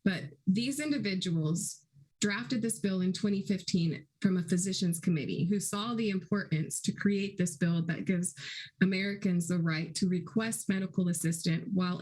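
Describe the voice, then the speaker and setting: An activist woman with a fairly low voice speaks on a panel. She is earnest and measured, laying out her points steadily. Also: a little mellow, husky, low-quality recording. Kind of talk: panel talk.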